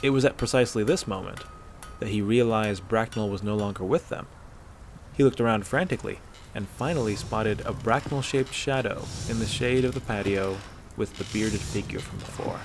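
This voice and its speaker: A man narrating a fan-fiction story aloud in a steady, measured way. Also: on the low side, gravelly, a little hiss or hum.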